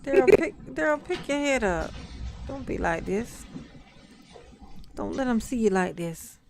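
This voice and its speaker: Sarcastic woman, a bit gravelly. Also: on the high side, animated, a little slow, darkish tone, faint music behind. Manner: sarcastic, laughing, taunting. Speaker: commentator. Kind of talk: mocking commentary over a court video.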